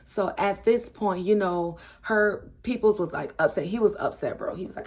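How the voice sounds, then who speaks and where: A young woman telling a casual storytime, animated and full of slang, acting out what her friends said. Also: medium pitch, normal speed.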